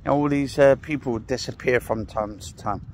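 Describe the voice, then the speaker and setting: Gravelly man ranting on a walk. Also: medium pitch, moderate pace, a little hiss or hum. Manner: rambling, sarcastic, swears, sighs often. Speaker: vlogger. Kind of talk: casual ranting walking vlog. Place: outdoors on a walk.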